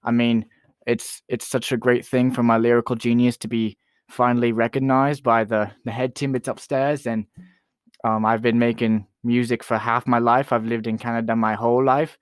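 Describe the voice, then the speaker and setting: A man's voice: mid-range voice, level tone, normal speed, smooth, no echo, clean studio sound, close to an everyday voice. A man playing a boastful, self-important rapper who is a guest on a comedy talk show. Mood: smug. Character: boastful young male Canadian rapper, royalist.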